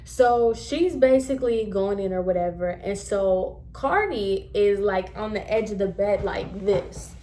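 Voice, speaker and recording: A woman in her twenties telling a casual story to camera, animated and emphatic as she acts out scenes. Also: medium pitch, unhurried, hardly any pauses, slight background noise.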